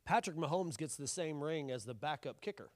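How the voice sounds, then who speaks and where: High-voiced man preaching with jokes. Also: brisk, no room sound. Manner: conversational, joking, animated preaching. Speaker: pastor. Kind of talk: sermon.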